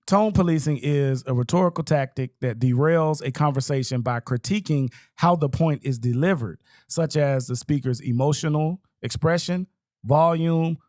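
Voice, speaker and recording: A man's voice: a little high, darkish tone, dry recording, clean studio sound. A man hosting a casual talk show, reading out a definition and then prompting his guests. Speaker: host. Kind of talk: casual chat.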